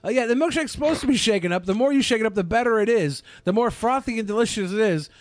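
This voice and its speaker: A man's voice: sits high, expressive, quick pace, dry recording, clean studio sound. A man hosting a podcast, making crude, sarcastic jokes in casual commentary. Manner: crude, joking, sarcastic asides. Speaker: podcast host.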